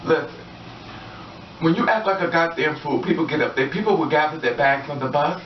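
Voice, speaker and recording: A woman's voice: sits low, brisk, a little hiss or hum. A woman talking to camera in a casual vlog monologue, sassy and profane, laughing often and acting out what people said. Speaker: vlogger. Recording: roomy, distant, dull lo-fi audio.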